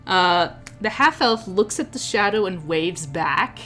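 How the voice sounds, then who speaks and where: A woman's voice: mid-range voice, expressive, measured pace, bright, forceful tone. A woman narrating a tabletop game as game master, describing scenes with frequent restarts.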